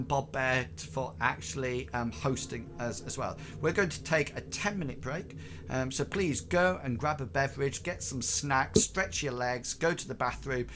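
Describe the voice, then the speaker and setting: Slow, halting game master with steady noise behind. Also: male voice, medium pitch. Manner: hesitant, full of ums and restarts. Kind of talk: narrating a tabletop game on a live stream.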